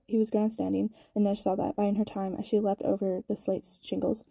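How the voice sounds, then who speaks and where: A woman reading a novel aloud, quick, with small stumbles and restarts. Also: mid-range voice, little pitch movement, vocal fry, mellow, breathy edge, dry recording. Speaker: audiobook reader.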